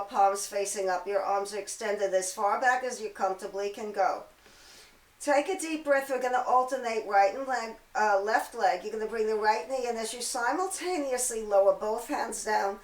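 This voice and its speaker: A slightly hoarse woman with a fairly high voice leads a pilates mat class, counting reps and giving steady cues. Her voice rings in an echoey room. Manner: counts reps, steady cueing, chatty asides. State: throat-clearing, hoarse from allergies. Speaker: pilates instructor. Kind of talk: guided workout instruction.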